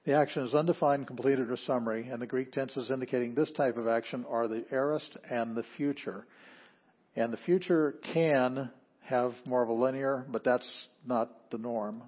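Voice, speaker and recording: A man teaching a Greek grammar class, explaining plainly and leading students through a slow read-aloud. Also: medium pitch, fairly even intonation, husky. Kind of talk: classroom lecture. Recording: dull lo-fi classroom recording.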